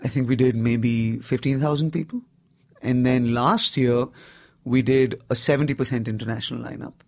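A man in his thirties with an Indian accent talks through his story at an even, mid-range pitch. He speaks in a loose, lively conversational way, often tossing in "you know". The tone is that of a comedian chatting casually as an interview guest. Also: normal speed, vocal fry.

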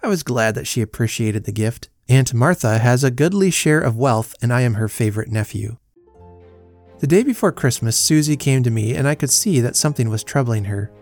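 Brief: male host reading a vintage tale, even and dry, middle pitch. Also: dry recording, faint music behind. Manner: measured, dry storybook reading. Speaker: podcast host reading a story. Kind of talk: storytelling narration.

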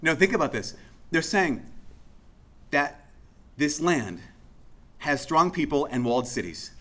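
A man's voice: fairly high pitch, sing-song, measured pace, bright, forceful tone. A man preaching a sermon in a casual, conversational way, acting out the speech of the people he tells about. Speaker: pastor.

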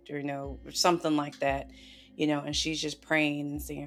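A woman's voice: low-pitched, completely flat delivery, normal speed, gravelly, faint music behind. A woman on a podcast telling a personal story in an earnest, emotional way, with lots of "you know" and "like". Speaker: podcast guest.

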